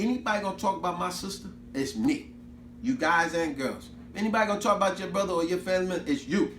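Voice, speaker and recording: A man giving a casual book review, telling the story in an animated, colloquial way. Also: fairly high pitch. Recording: roomy echo, faint background noise.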